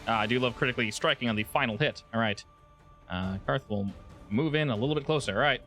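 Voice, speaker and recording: Man running a tabletop game, relaxed, joking, full of ums, mid-pitched voice, soft music behind. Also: quick pace. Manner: relaxed and joking, with many filler words. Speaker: game master.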